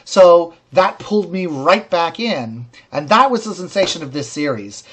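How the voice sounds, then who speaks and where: Wry, articulate man, slightly high voice. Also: lively intonation, moderate pace, a bit bright, slight background noise. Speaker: co-host reviewing a series. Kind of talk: casual review chat.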